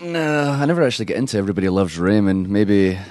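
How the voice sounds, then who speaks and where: A Scottish man from Scotland, a podcast guest who speaks quickly and gets excitable when fired up, chatting casually. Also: on the low side, no echo, studio quality. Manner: trained clear delivery.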